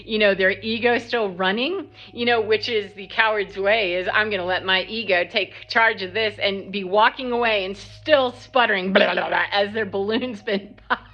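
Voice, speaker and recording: Bright-voiced woman telling a blunt story. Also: medium pitch, moderate pace. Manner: animated, blunt, acts out the quotes. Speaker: spiritual vlogger. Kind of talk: casual storytelling monologue. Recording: slightly dull lo-fi sound.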